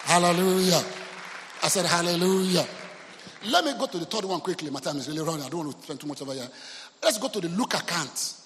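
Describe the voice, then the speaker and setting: Nigerian pastor preaching in a reverberant hall. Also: male voice, a little high, very fast, slight background noise. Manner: storytelling, animated, mixing in Yoruba phrases. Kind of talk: sermon. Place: church hall.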